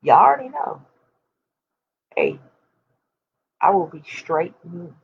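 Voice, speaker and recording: A woman's voice: on the low side, very animated, slow, vocal fry, husky, muffled recording. A woman of forty talking candidly and emphatically to her viewers, speaking straight to them like a preacher. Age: 40s. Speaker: host. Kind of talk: candid personal talk to viewers.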